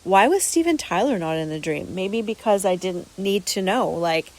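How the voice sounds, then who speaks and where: A woman's voice: mid-range voice, expressive, normal speed, darkish tone, low-quality recording. Earnest rambling woman telling a story. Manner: frequent restarts and repeated words. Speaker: podcast host. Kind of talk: casual spoken storytelling.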